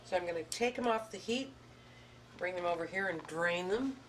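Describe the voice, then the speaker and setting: A woman hosting a cooking show, narrating a spoof romance and explaining a recipe with a deadpan, tongue-in-cheek manner. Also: on the low side, normal speed, background noise. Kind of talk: mock-dramatic romance narration and cooking demonstration. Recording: distant mic with music behind.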